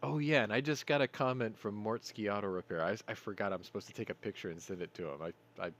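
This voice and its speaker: A man's voice: lowish voice, fast, fairly bright tone. A man hosting a casual news commentary show, rambling, going off on tangents and apologizing for them. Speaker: host.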